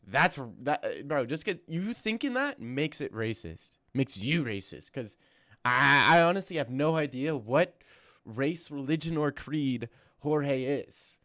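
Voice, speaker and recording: A man's voice: medium pitch, expressive, a little slow, bright, forceful tone, dry recording. A young man streaming and answering his chat in a joking, stammering banter, recorded close and dry. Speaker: streamer reacting to fight news and chat. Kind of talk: casual live-stream chat.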